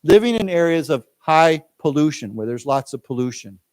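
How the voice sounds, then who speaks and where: A man's voice: a little high, sing-song, normal speed, darkish tone. An American man teaching English, who explains words patiently and drills his class in a library lecture room. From United States.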